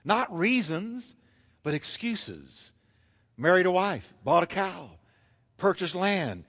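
A male pastor preaching a sermon in a church, emphatic and repetitive with dramatic pauses. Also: high voice, big pitch swings, a bit bright, long reverb tail. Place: church sanctuary. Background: congregation.

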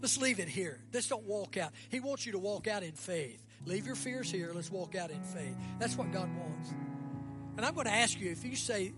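A guest pastor, a man, preaching a sermon and leading an altar call, swinging between loud rising bursts and quiet, dropped lists. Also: high-pitched, expressive, fairly quick, over loud music. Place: church sanctuary.

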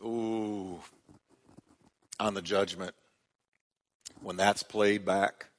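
Extremely slow and steady in tone, a low-voiced pastor preaches a sermon that echoes through a large church sanctuary. He reads from scripture with dramatically voiced quotations and leads the congregation in prayer.

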